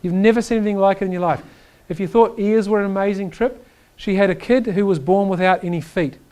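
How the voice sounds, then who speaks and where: A man giving an energetic chiropractic lecture, emphatic and animated, often checking in with "right?". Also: sits high, fast. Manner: reads quotes aloud to the audience.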